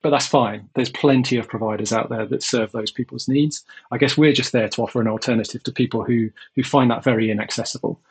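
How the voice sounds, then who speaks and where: A man answering interview questions about his company's life insurance, in an earnest, measured way with long explanations. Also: medium pitch, fairly even intonation, rough recording. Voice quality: gravelly and husky.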